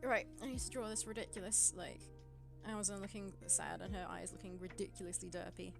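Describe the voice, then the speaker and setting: Woman streamer, casual playful chat, a gravelly, fry-tinged voice, faint music behind. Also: mid-range voice, fairly even intonation, a little fast. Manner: playful, checking audio levels. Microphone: desk mic.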